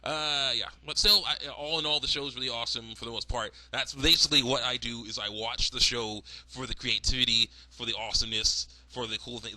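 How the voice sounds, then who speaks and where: A man's voice: fairly low pitch, sharp tone, no room sound, poor audio. A man giving casual, rambling commentary as a cartoon fan, laughing often. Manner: rambling, with frequent laughs and fillers.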